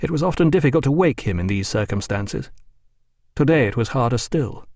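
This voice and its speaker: A man narrating a novel in a measured, even reading voice at a middling pitch. The recording is close and dry, with no room sound. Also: no echo. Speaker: audiobook narrator. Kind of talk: scripted narration.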